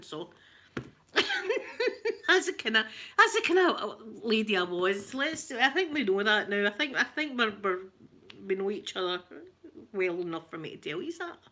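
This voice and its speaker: A Scottish woman with a rough voice, chatting casually and laughing as she tells stories to viewers on a live stream. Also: medium pitch, pushed and bright. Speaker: livestream host chatting with viewers.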